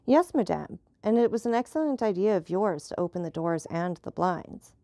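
A woman voicing a grave, guarded nobleman in an audiobook, giving measured, restrained replies. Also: fairly low pitch, expressive, dark tone, no echo, studio quality. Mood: reserved.

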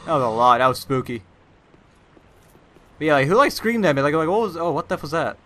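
Jumpy young man with a bright voice. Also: fairly high pitch, sing-song, fast talker. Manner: rambling, says "like" constantly, jumpy startled outbursts. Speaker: gameplay commentator. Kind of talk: casual let's-play commentary.

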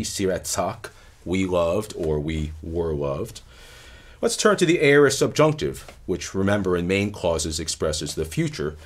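Lively-voiced male language lecturer. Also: low-pitched. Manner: measured, explanatory, checks in with "right?". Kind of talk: recorded linguistics lecture.

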